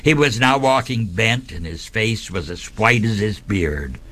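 A man hosting a radio program, reading a devotional story in a measured, reverent way. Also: fairly low pitch, animated, bright, forceful tone. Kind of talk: scripted devotional narration.

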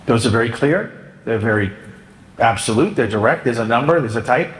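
A man, a Catholic priest, giving a humorous homily in a joking, animated way, now and then acting out penitents' voices. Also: mid-range voice, a little fast. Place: church. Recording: echoey church hall.

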